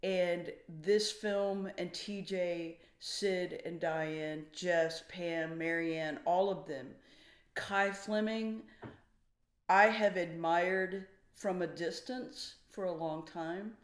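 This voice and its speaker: A woman's voice: on the low side, drawn-out words. A woman, a songwriter, giving interview answers in a thoughtful, emotional way. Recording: echoey room.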